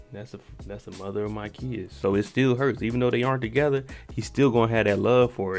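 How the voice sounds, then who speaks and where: A man hosting his channel, giving an animated, slangy, casual recap of a TV episode and laughing often. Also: lowish voice.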